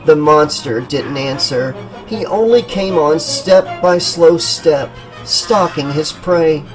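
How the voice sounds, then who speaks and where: A man narrating a horror audiobook in a steady, dramatic storytelling manner. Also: a little high, slow, few pauses, soft background music, poor audio. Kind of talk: scripted narration.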